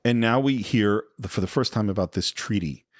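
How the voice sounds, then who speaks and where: Low-voiced man retelling a film. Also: a little fast, no echo, studio quality. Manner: animated storyteller, acts out quoted lines; explanatory, historical asides. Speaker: podcast co-host. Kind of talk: casual film discussion.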